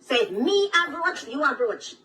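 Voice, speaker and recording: A woman with a Jamaican accent rants at someone, taunting and cursing as she shouts with mocking laughter. Her voice sits high. The recording carries a lot of background noise. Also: big pitch swings, normal speed, recorded from a distance. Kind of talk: angry social media rant.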